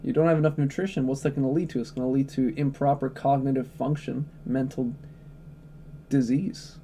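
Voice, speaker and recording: Gravelly, blunt, swearing male streamer. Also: mid-range voice, level tone, a little fast, mellow, slight background noise. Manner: blunt, profane, opinionated. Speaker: livestreamer. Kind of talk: casual livestream chat.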